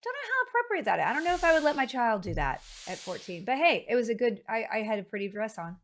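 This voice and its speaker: A woman's voice: on the high side, big pitch swings, fast, a bit bright, slight background noise. A woman game streamer chatting casually and rambling to her live chat.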